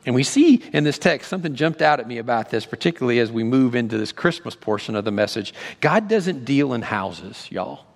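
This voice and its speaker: A male pastor preaching a sermon, animated, acting out God's words with rising emphasis. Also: medium pitch, a little fast, vocal fry, few pauses. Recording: long reverb of a large hall.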